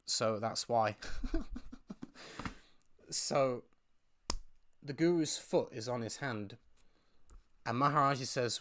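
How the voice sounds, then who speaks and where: A man's voice: mid-range voice, takes it slowly, pauses often, a bit bright. A man hosting a live question-and-answer stream, telling stories in a casual, rambling way with frequent restarts. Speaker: host.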